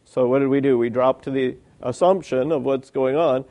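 A man's voice: mid-range voice, fairly even intonation, moderate pace, mellow, no echo. A man preaching a sermon, reading old commentary aloud and breaking off to ask his listeners questions.

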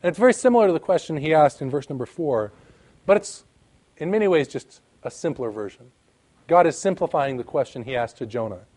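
Male preacher, fairly high pitch, emphatic sermon delivery with scripture readings. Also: expressive, brisk, a little mellow. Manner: emphatic, rising and falling, reads scripture aloud.

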